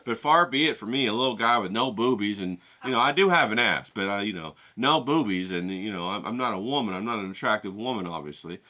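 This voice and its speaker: A middle-aged man rambling casually to his viewers, profane and animated, acting out the voices of the people he quotes. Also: on the low side, quick pace, few pauses. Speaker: vlogger painting outdoors.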